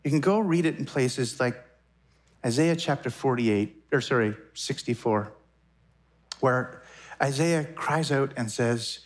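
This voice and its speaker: A man in his forties preaching a sermon as a pastor, animated and conversational, with quick asides and self-corrections. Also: mid-range voice. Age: 40s.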